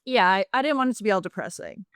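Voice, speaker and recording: A woman co-hosting a casual podcast, spinning a silly story with plenty of "like" and "um." Her voice is smooth and clear, recorded dry on a close mic. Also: mid-range voice, big pitch swings, quick pace, fairly bright tone, no room sound. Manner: playful storytelling, lots of fillers. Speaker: podcast co-host. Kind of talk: casual chat.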